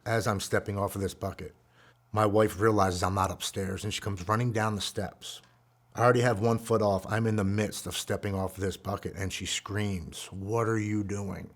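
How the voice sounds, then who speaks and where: A man in his forties telling his own recovery story in an earnest, emotional way, dropping to a hushed voice at the heavy moments. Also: fairly low pitch, steady tone, normal speed. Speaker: guest speaker.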